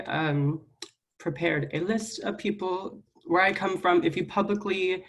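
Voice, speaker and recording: A young woman student senator giving a public apology at a meeting, earnest and halting, close to tears. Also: on the low side. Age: young adult. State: near tears.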